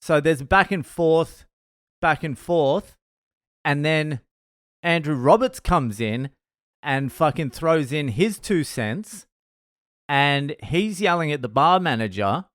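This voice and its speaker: A man's voice: on the high side, slow pace, no echo, studio quality. Profane man telling a story. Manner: profane, animated retelling, laughs at himself. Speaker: podcast host. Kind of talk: storytelling monologue.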